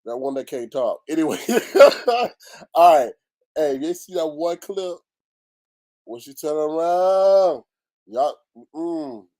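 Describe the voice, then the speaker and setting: Brief: casual male commentary host, pitched a little high, loose and slangy. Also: slow. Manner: animated, loose and talkative, with slang and profanity.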